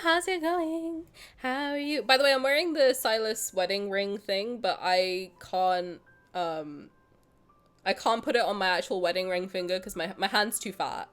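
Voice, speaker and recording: A woman streamer swearing playfully and ranting in mock anger while she plays a game and chats with her audience at home. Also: medium pitch. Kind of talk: live-streamed game play with chat.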